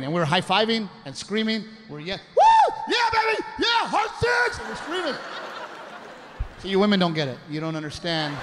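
A man tells stand-up stories on a comedy stage, animated and shouting some punchlines. His voice sits high for a man. The live recording carries clear audience noise. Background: audience laughter.

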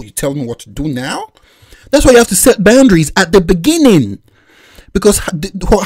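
A man's voice: high voice, darkish tone, breathy edge, dry recording, clean studio sound. A man from Nigeria hosting a reaction video, giving opinionated, lecturing commentary on a clip.

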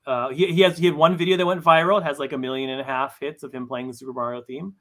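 This man talks fast, his mid-range voice fairly bright and his intonation mostly even. As the writer guest in a casual interview about comics, he restarts his sentences a lot and speaks modestly about himself.

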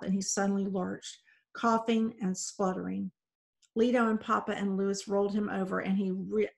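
Woman, teacher, expressive read-aloud for a class, gravelly, creaky voice. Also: mid-range voice. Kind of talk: reading a novel aloud to a class.

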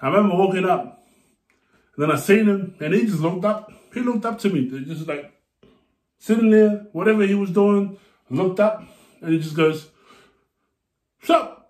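A man's voice: sits high, normal speed, pauses often, darkish tone. A man chatting casually and telling a rambling, profane story while reacting to a music video. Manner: profane, laid-back, rambling. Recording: echoey room.

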